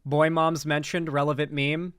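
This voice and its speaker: A man's voice: fairly high pitch, flat delivery, normal speed, fairly bright tone, smooth, no room sound, clean studio sound. A young man hosting political reaction commentary, talking in a sarcastic, rambling way.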